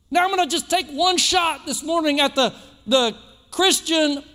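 A man preaching a sermon in a church, emphatic and repetitive, building phrases up toward shouts. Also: very high-pitched, big-room sound. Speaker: pastor. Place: church sanctuary.

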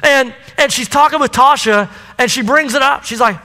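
Preacher, male, lively storyteller with a very high, bright voice, echoey sanctuary sound. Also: measured pace. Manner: animated storytelling, addresses the crowd. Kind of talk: sermon. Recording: echoey hall.

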